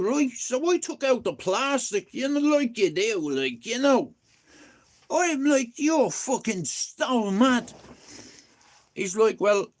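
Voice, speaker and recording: A man with an Irish accent telling a rambling story on a livestream, animated, swearing often and acting out what others said. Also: sits high. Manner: animated, swearing, quoting others in his own voice. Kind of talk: casual storytelling.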